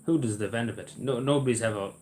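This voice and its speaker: Indoors on a camera mic, with slight background noise, an Irish livestream host talks fast to his live viewers in a mid-range, slightly mellow voice. He rambles, speaks bluntly, and swears without restraint.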